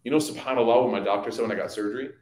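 A man giving an evening religious study talk, telling lively stories and speaking directly to his audience. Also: medium pitch, rapid-fire, echoey room. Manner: lively anecdotal storytelling, addressing audience. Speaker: religious teacher. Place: community hall.

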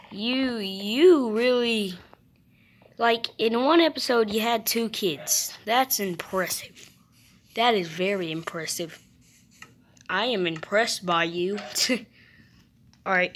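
A woman's voice: medium pitch, a bit bright, a little hiss or hum. A young woman giving chatty, playful gameplay commentary, talking to the animals in her game. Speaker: gamer.

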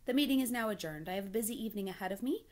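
Storybook spider: wise, bossy female, crisp and tart, lively lilt; a woman puts her on. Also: mid-range voice, racing, voice pushed up, close to an everyday voice. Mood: brisk. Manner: crisp, precise, a little tart. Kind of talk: storybook reading.

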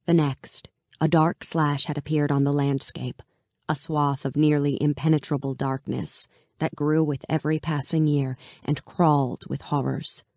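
A woman narrating a first-person audiobook in a wry, even storytelling manner, close to the mic. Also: low voice, unhurried, dry recording.

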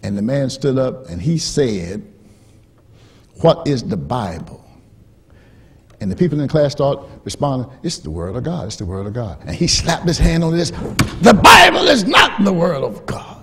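A man preaching a sermon as pastor, repeating key phrases and swinging from hushed storytelling to rising, emphatic shouts. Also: mid-range voice, big pitch swings, normal speed, slightly rough.

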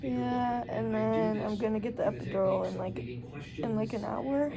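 A woman's voice: on the high side, fairly even intonation, normal speed, gravelly, a crowd in the background. A nineteen-year-old woman vlogging in casual chat from a hospital room, giggly and rambling, with many filler likes.

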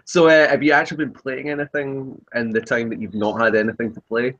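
A man's voice: mid-range voice, flat delivery, fairly quick, fairly bright tone, highs cut off. A young man co-hosting a casual gaming podcast, teasing and joking with his friends. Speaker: podcast co-host.

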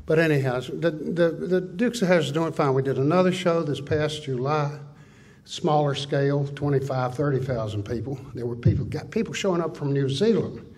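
An older man with a drawl tells stories at a conference, with folksy, animated delivery. His voice is a little husky and sits somewhat high for a man. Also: moderate pace. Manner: folksy, animated storytelling with list-like riffs. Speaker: conference speaker. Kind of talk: conference talk. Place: conference hall.

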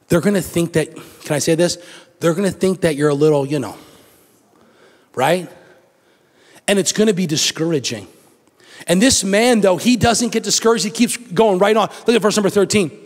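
A male pastor preaching a sermon, animated and acting out the story in different voices. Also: high-pitched, moderate pace, long pauses, long reverb tail. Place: church sanctuary.

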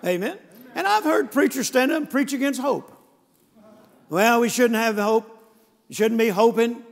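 An older male pastor delivers a sermon in a high, ringing voice that carries through a long church reverb. His delivery is folksy and emphatic, and he keeps turning to the congregation for a response. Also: creaky. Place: church sanctuary.

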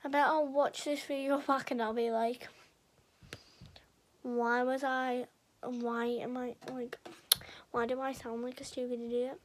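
A young woman talks straight to the camera in a loose, rambling vlog. Her voice sits high, and she turns defiant and mock-tough as she goes. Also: level tone, measured pace, pauses often. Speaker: vlogger. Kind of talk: casual chat to camera.

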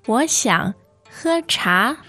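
A woman's voice: on the high side, lively intonation, extremely slow, bright, forceful tone, faint music behind. A woman co-hosting a language lesson, patiently modeling words with careful repetition. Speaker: Mandarin lesson co-host. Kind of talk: slow model pronunciation.

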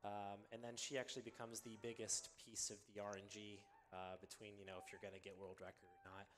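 A man commentating live on his own speedrun, explaining the game in a relaxed way with many ums and uhs. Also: fairly low pitch, fairly quick, faint music behind. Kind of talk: live commentary while playing.

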